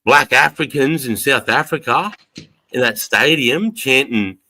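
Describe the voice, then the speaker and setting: With a mid-range voice that's bright and forceful, an Australian livestream host talks at a measured pace over low-quality audio. He keeps it casual, swears heavily, and laughs while recounting stories.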